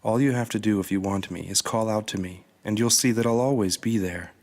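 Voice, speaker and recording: A man voicing a kind, gently joking God in a children's storybook reading, speaking in a warm, reassuring manner. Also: lowish voice, a little fast, close to an everyday voice.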